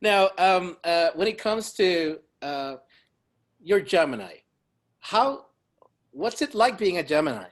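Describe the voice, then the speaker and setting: A man's voice: sits high, big pitch swings, slow. A man hosting a casual interview, asking questions with frequent laughs and restarts. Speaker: podcast host.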